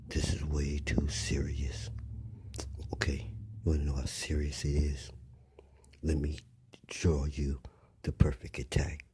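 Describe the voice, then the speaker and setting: An older man delivering a blunt, rambling monologue, often dropping to a rough whisper. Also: extremely low pitch, flat delivery, moderate pace, warm tone, a little hiss or hum. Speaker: commentator. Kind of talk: preachy monologue.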